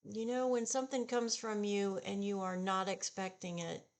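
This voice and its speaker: A woman in her sixties chatting slowly and haltingly while she does her makeup, sounding upset and discouraged. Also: medium pitch, little pitch movement. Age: 60s. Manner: slow, subdued and halting, with sighs. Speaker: beauty vlogger. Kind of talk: casual get-ready-with-me chat.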